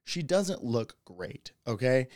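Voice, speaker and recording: A man's voice: mid-range voice, big pitch swings, takes it slowly, a little mellow, dry recording, clean studio sound. A man hosting a podcast, telling stories in a loose, profane way and often breaking into laughter. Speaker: podcast host. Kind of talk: casual solo podcast monologue.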